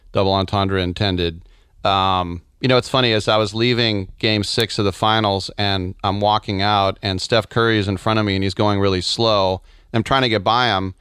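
A man's voice: fairly low pitch, fairly bright tone, clean tone, no echo, studio quality. A man talking soccer as an analyst, telling anecdotes with wry humor. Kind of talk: casual sports talk.

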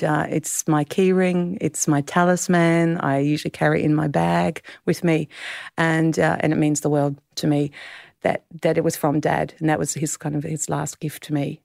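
A woman in her fifties with an Australian accent, a guest author speaking in an interview, halting and tearful with many restarts. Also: sits low, gravelly, a little mellow, dry recording, clean studio sound. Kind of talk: podcast interview.

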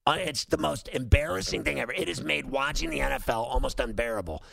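A man's voice: mid-range voice, quick pace, gravelly, crowd noise. A man hosting a sports talk show, ranting heatedly and repeating himself. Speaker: host. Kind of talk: opinionated sports talk monologue.

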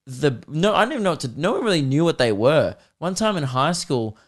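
A man's voice: a little high, very animated, a little fast. An Australian man in his twenties hosting a podcast, telling rambling, profane comic stories in a casual chat. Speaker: podcast host.

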